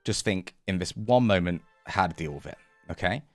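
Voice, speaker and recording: Man game master, lowish voice, lively sound effects, dry close mic, soft music behind. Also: moderate pace, no echo. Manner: animated narration, acting out sound effects, laughs often. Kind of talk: narrating a tabletop game.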